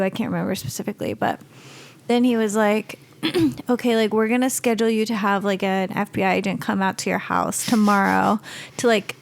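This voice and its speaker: A woman's voice: mid-range voice, creaky. Podcast co-host, woman in her twenties, casual storyteller, lots of fillers. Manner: animated storytelling with many fillers. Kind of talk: casual chat.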